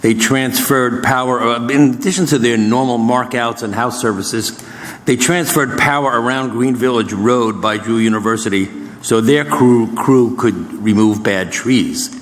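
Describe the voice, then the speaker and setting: A man's voice: mid-range voice, measured pace. A man council member reading out department reports in a matter-of-fact way. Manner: matter-of-fact, listing items. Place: borough council chamber. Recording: roomy echoey council chamber.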